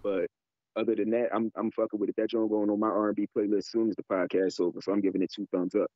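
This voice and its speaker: A man's voice: lowish voice, flat delivery, fast talker, no echo, dull audio. A man co-hosting a podcast, reviewing a song in an easygoing, slangy way. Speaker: podcast co-host and audio engineer. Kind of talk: casual chat.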